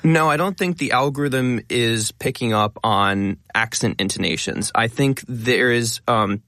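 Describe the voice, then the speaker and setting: A man talking as a guest in a casual interview, explaining in a quick, eager way. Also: mid-range voice, a bit bright, no echo, clean studio sound. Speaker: guest, linguist and educational video creator.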